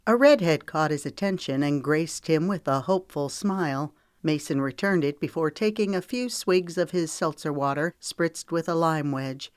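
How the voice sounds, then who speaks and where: A woman narrating an audiobook in a measured, even storytelling manner. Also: low voice, clear, resonant tone, no echo, studio quality.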